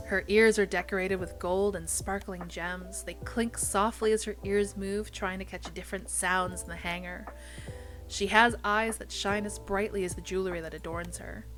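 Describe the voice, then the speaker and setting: A young woman streaming herself reading a visual novel aloud, animated, swearing casually and stumbling over odd names. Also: mid-range voice.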